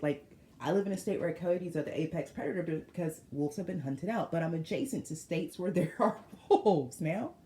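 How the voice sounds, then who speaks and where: Casting: woman tarot reader, low-ish voice, animated and emphatic, roomy sound with faint noise. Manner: animated, laughs often, slangy and emphatic. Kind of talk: casual tarot reading to viewers.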